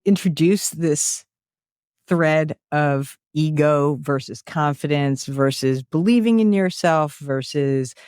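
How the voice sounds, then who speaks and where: A podcast host asking thoughtful, measured questions of a guest. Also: medium pitch, a little mellow, smooth, no echo, studio quality. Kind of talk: interview questions.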